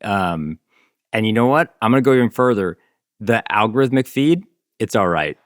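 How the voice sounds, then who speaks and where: Man, laid-back, jokey, low voice, lively swings, dry sound. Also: moderate pace, dry recording. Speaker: podcast guest panelist. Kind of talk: casual chat.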